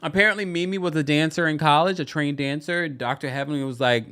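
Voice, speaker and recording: A man hosting a casual livestream recap, chatty and animated, often breaking into exaggerated quotes of the people he talks about. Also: fast talker, clean tone. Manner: animated, chatty, slips into quoting people in exaggerated high voices. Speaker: podcast host recapping a reality show.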